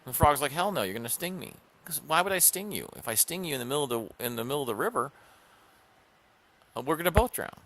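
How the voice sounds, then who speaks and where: A male talk show host delivers an emphatic opinion monologue, hammering points home by repeating them. His pitch swings widely as he tells a story. The tone is bright and forward. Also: expressive, fast talker.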